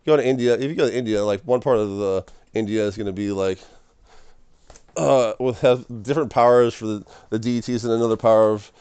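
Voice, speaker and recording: A man giving a rambling, excitable casual sermon as a streamer, often breaking into laughter. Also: lowish voice, brisk, smooth, no room sound. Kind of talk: casual preaching monologue.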